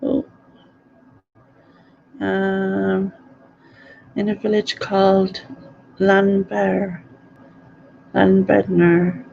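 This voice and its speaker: Gravelly, giggly woman. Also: medium pitch, monotone, extremely slow, pauses often, a little mellow, slight background noise. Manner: chatty and giggly, stumbles over place names. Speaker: live-stream host. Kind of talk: casual live-stream chat reading viewer comments. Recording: dull lo-fi audio.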